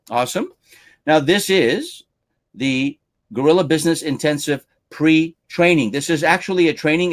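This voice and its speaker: A male lead trainer hosting a live-stream webinar, upbeat as he reads out viewer names one by one and welcomes them. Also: on the high side.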